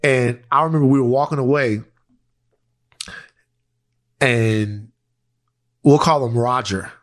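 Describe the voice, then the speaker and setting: A male podcast co-host from Louisiana telling a story in casual, animated chat, swearing freely. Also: medium pitch, slow pace.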